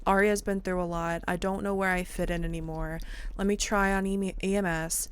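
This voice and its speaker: A woman's voice: lowish voice, flat delivery, normal speed, smooth. A woman streamer chatting casually about her role-play character, rambling and laughing often.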